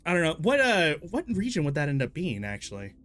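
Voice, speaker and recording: A man's voice: a little high, wildly swooping pitch, brisk, fairly bright tone, slight background noise. A man streaming a story game, rambling casually, swearing freely and laughing at himself. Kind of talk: casual let's-play commentary.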